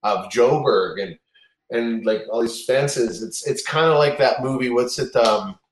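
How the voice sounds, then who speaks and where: A man's voice: medium pitch, unhurried. A man telling a long road story in casual chat, swearing often and restarting his sentences. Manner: rambling, profane storytelling with many restarts. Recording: roomy echo.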